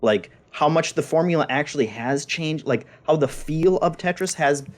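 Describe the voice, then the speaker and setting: A man's voice: fairly high pitch, moderate pace. A man co-hosting a games podcast, talking casually and often repeating words as he thinks. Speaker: podcast co-host. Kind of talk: casual chat.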